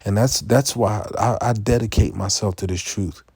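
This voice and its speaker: Man, dark mellow voice, dry close recording, profane street-preaching rant, stammering, bursts of shouting. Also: lowish voice, fairly even intonation, moderate pace, breathy edge, no room sound. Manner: profane, repetitive, stammering restarts, rising into shouts.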